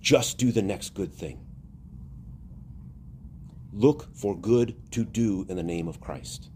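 A man's voice: on the low side, slow, dark tone, slight background noise. A male priest preaching a sermon, earnest and rising to emphatic exhortation.

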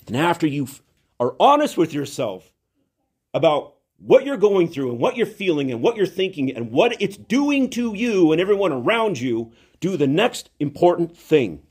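Husky-voiced priest preaching animatedly. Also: male voice, a little high. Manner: earnest, animated preaching with repetition. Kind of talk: sermon. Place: church.

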